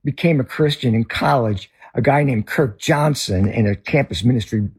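A middle-aged man with a Northern US accent, a ministry leader telling a story as a guest in an interview, earnest and halting with many restarts. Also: mid-range voice, breathy edge.

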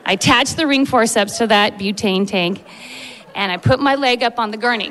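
A woman who works as an emergency medicine doctor tells a funny story, animated and laughing through it. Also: on the high side, moderate pace, big-room sound. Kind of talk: live storytelling.

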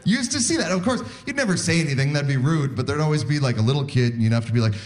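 A man doing a stand-up comedy set on a club stage into a handheld mic, in chatty, self-deprecating storytelling with sudden pitch jumps. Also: lively intonation, very fast, a little mellow. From Canada. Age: 40s.

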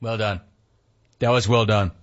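A man's voice: on the low side, steady tone, measured pace. A man hosting a sports talk show, ranting with rhetorical questions and reading out chat comments. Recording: dull lo-fi sound.

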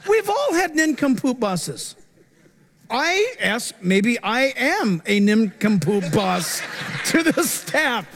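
A middle-aged male pastor preaching a sermon in an animated, joking way. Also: very high-pitched, slow. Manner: animated, joking, acts out quoted voices.

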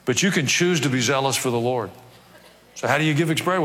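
A man, a pastor, preaching a sermon in a conversational way with wry asides, reading scripture aloud in slower, measured tones. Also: mid-range voice, a bit bright, big-room sound.

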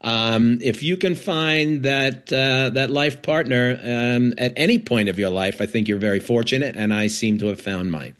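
A man's voice: mid-range voice, normal speed, few pauses. A man being interviewed as a guest actor, talking casually with frequent fillers, restarts and laughs.

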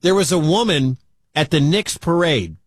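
A man's voice: fairly high pitch, animated, moderate pace, breathy edge, no echo. An American man hosting a sports talk radio show, chatting loosely and animatedly with frequent restarts. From United States.

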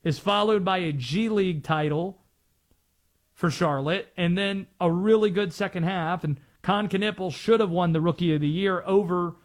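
A man's voice: high-pitched, moderate pace. A man from North Carolina hosting a sports talk radio show, chatting and explaining. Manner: conversational, explanatory.

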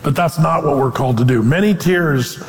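Animated male pastor, high voice, hall echo. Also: normal speed. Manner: animated, acts out quoted voices. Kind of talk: sermon.

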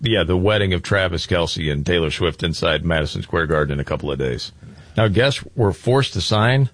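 A radio co-host with a lowish voice trades wry, teasing remarks with the other hosts. His voice sounds close and dry, with no room around it. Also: expressive, normal speed, dry recording. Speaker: radio talk show co-host. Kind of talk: casual talk radio banter.

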